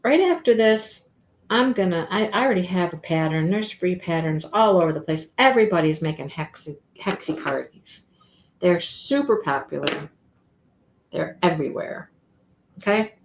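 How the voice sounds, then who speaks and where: A woman's voice: lively intonation, moderate pace. A woman hosting a crochet livestream, chatting casually and rambling as she works her stitches. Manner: chatty, rambling, talks to her cat in a high baby voice.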